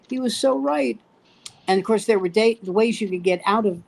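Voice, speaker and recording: A man's voice: sits high, a little fast, gravelly, darkish tone, poor audio. A man in his seventies, a stand-up comic, telling stories in casual chat and acting out the voices of people he quotes. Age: 70s.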